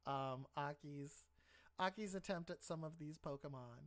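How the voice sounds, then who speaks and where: A woman's voice: low voice, a little slow. A woman hosting a casual live-stream interview, teasing her guest and laughing easily.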